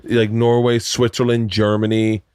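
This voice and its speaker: A man's voice: lowish voice, monotone, unhurried, darkish tone, clean tone, no room sound, clean studio sound. A man, a husband and dad, chatting and teasing in a casual family podcast talk at home. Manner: playful, teasing, builds up questions. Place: home room, man cave.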